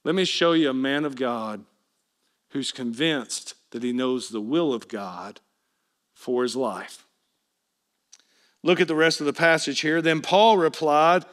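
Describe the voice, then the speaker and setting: A man preaching a sermon as pastor, swinging between loud emphatic appeals and hushed asides, often questioning his congregation directly. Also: a little high, lively intonation, a little slow.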